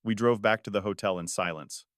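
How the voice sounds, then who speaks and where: A man reading a first-person family story aloud in a measured, dramatic way. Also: on the low side, no echo, studio quality. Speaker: story narrator. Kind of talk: scripted narration.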